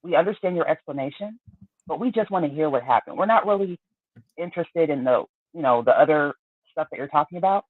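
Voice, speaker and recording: A man's voice: fairly high pitch, expressive, a little fast, dry recording. A man on a live-stream panel, overly polite and insistent, pleading with the guest to get to the point. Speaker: panel member. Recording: tinny phone-like line.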